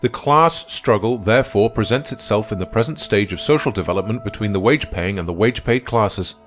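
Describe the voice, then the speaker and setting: A man's voice: lowish voice, expressive, a little fast, faint music behind, pitched above the performer's own voice, close to an everyday voice. A man reading aloud, voicing an earnest young woman who argues in a pressing, reproachful way in an audiobook. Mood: indignant. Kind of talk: audiobook character voice.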